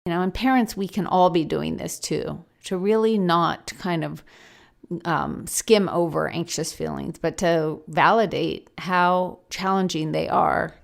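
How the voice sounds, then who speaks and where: Woman podcast host, lowish voice. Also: steady tone, unhurried, vocal fry. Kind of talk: informative podcast talk.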